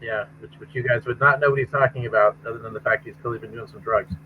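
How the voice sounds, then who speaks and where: A man narrating as game master in a casual, halting way, full of fillers and restarts. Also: medium pitch, fairly even intonation, a little hiss or hum. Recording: tinny phone-like call audio.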